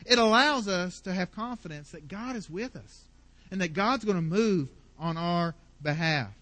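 High, bright-voiced preaching man. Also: expressive, normal speed. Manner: emphatic, repetitive, passionate preaching. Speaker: pastor. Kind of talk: sermon.

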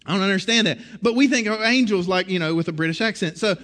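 A middle-aged man preaching a sermon in a conversational, animated way, often restarting his phrases. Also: high voice, quick pace. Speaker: pastor.

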